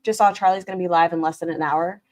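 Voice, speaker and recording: A woman reacting to clips on a stream, sarcastic and swearing freely, swinging from loud bursts to muttered asides. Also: on the low side, steady tone, fast talker. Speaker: commentary streamer.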